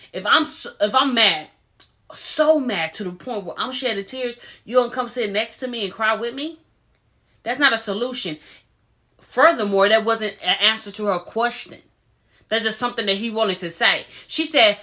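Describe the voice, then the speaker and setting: A woman's voice: fairly high pitch, moderate pace, sharp tone. A woman giving casual, opinionated commentary as she recaps a reality TV episode, retelling scenes in quoted voices.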